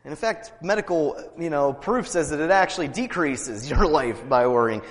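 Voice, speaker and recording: A man preaching a sermon as pastor, reading scripture loudly and dropping to quiet, joking asides. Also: fairly high pitch, moderate pace, long reverb tail, faint music behind.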